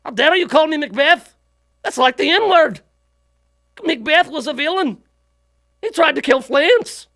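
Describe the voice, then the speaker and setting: A man's voice: very high voice, animated, a little slow, long pauses, fairly bright tone, voice pushed up, heavily acted. A man voicing an indignant Scottish man in an exaggerated cartoon brogue. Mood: outraged. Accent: put-on Scottish.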